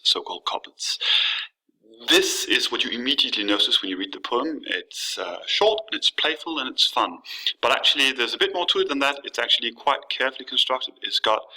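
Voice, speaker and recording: Bright-voiced male teacher explaining a poem. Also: fairly low pitch, rough recording. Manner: explanatory, with frequent fillers and restarts. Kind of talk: classroom lesson with a poem reading.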